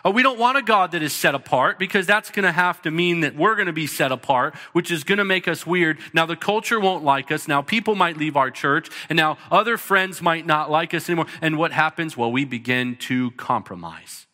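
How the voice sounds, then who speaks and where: A man's voice: on the high side, expressive, brisk, hardly any pauses, sharp tone. A man in his thirties preaching a sermon as pastor, earnest and emphatic, with short punchy repeated lines. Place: church sanctuary. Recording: long reverb of a large hall.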